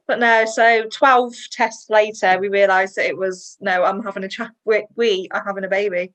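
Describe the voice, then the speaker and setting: A woman, a guest in a personal interview, chatty and emotional and quick to laugh. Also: mid-range voice, steady tone, a bit bright, poor audio.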